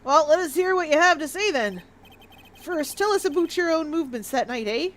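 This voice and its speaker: Woman putting on a cool, deep-set prosecutor. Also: lively intonation, a bit bright. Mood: composed. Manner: dry, measured, lowered delivery. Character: cool, composed male prosecutor, young adult.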